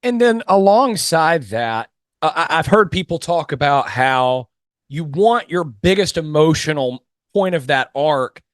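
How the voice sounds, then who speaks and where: A man's voice: fairly high pitch, fairly bright tone, dry recording, clean studio sound. A man hosting a podcast interview who coaches mock trial and asks thoughtful, long framing questions. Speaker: podcast host.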